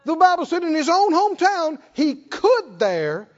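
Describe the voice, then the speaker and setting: A man preaches in a very high voice that swings widely up and down, with rhetorical questions thrown out to the congregation. The recording sounds dull and lo-fi. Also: very animated, a little slow, in a large hall. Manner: rhetorical, asks the congregation to respond. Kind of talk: sermon.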